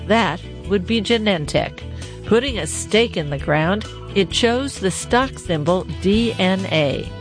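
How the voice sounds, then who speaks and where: A woman hosting a radio interview, asking questions in a measured, conversational way. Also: medium pitch, animated, music in the background. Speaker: radio show host. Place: radio studio.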